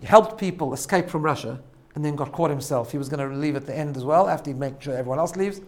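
A man's voice: on the high side, fast talker. Conversational man giving a talk. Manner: conversational, asks rhetorical "right?", self-corrects and restarts. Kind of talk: sermon-style talk to a congregation.

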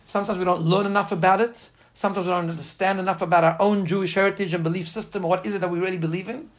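A man's voice: high-pitched, fairly even intonation, rapid-fire. A man giving an informal class on faith, speaking earnestly and emphatically and weaving in personal stories. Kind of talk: informal spoken class lecture with personal anecdotes.

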